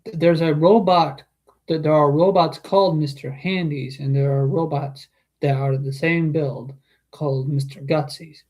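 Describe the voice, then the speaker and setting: Stammering man, slightly higher voice. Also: steady tone, darkish tone. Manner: quick, stammering corrections. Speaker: co-host, sibling of the reader. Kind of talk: casual chat.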